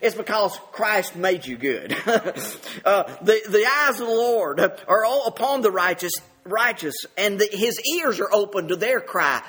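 High-voiced older preacher, folksy. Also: male voice, lively intonation, measured pace, faint music behind. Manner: folksy, repeats words, reads scripture aloud, drops to a low hush for emphasis. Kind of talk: conversational sermon.

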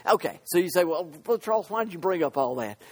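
A man preaching a sermon, retelling scripture in a halting way with many repeats and fillers, swinging from hushed lines to shouted ones. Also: high-pitched, lively intonation.

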